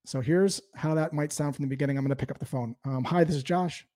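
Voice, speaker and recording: A man explaining sales calling techniques in a lively coaching talk. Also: mid-range voice, fast talker. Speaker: sales trainer. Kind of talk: instructional talk.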